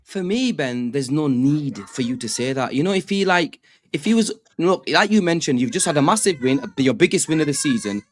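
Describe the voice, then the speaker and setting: A man on a football fan panel who talks in halting bursts, repeating words and swearing when riled. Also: fairly high pitch, animated. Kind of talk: casual fan chat.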